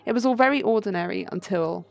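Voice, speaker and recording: A woman's voice: medium pitch, fast, gravelly, darkish tone, faint music behind, natural voice. A woman voicing a pampered young noble cat lady, prim and genteel, reading for a video game.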